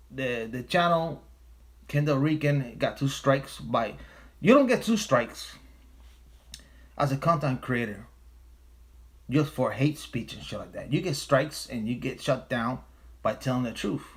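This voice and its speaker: A man hosting a casual livestream, talking in an emphatic, profane way and repeating his phrases for stress. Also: mid-range voice. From United States. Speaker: livestream host.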